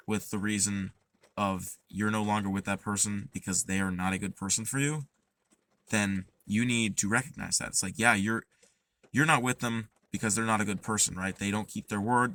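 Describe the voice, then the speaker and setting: A young podcast host with a lowish, slightly bright voice gives advice casually and earnestly. He rambles, using lots of fillers and restarts.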